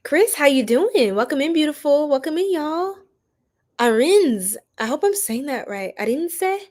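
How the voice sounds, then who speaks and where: A bubbly woman chats with her viewers on a live stream, greeting them by name and laughing often. Her voice sits a little high, and she drawls slowly with plenty of fillers. Her tone stays loose and friendly. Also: very animated, darkish tone. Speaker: tarot reader and live stream host. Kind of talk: casual live stream chat.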